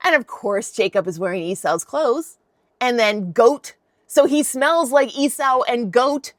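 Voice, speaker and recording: A woman's voice: on the high side, unhurried, no echo, studio quality. A woman hosting a podcast, retelling a Bible story in a chatty, irreverent, slangy way. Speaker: podcast host.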